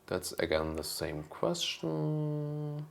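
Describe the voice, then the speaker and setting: A man, hosting a car channel and casually answering viewer questions, relaxed and thinking aloud with lots of ums. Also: on the high side, drawn-out words, gravelly, slight background noise. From Germany. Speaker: car review host.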